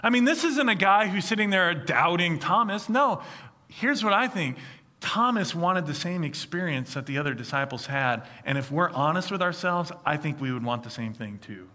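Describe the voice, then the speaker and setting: A man preaching a sermon, reading scripture and then retelling it in a lively, conversational way with acted-out quotes. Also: fairly high pitch, normal speed. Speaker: pastor.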